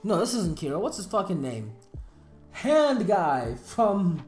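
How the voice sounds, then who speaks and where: A woman's voice: fairly low pitch, big pitch swings, slow, darkish tone, soft background music. A woman hosting casual anime tier-list commentary, slangy, profane and emphatic. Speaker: anime video host. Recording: roomy echo.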